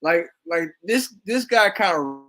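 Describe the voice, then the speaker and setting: A man's voice: high voice, expressive, measured pace, pushed and bright. A man giving casual, slangy reaction commentary on a video, often laughing and repeating himself. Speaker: reaction streamer.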